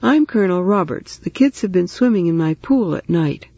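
A man's voice: high voice, animated, normal speed, darkish tone, slightly rough, no echo, dull audio, full character voice. A man voicing a stern, formal older colonel in a storybook reading. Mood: firm.

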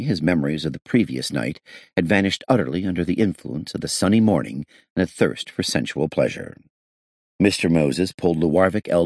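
A man reading a detective novel aloud as an audiobook narrator, shifting his pitch to voice the characters. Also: a little mellow, slightly rough, no room sound, studio quality.

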